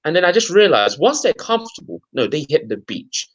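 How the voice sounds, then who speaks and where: A young man co-hosting a football podcast, speaking in a deliberate, insistent way. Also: a little high, very animated, husky. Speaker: podcast co-host. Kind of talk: casual football chat. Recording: dull lo-fi mic.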